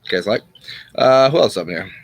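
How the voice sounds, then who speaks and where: A man with a lowish voice holds forth in a loose, casual way, retelling parables as a channel host. He rambles and restarts, then chuckles before picking the thread back up. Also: lively intonation, moderate pace, gravelly, no echo. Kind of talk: casual spoken teaching and storytelling.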